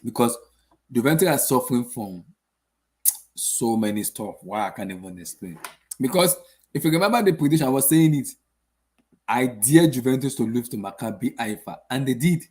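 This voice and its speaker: A man's voice: medium pitch, expressive, moderate pace, a little mellow. A young man hosting a casual football channel, ranting after a match with exasperated rhetorical questions and lots of repetition. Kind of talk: casual post-match rant.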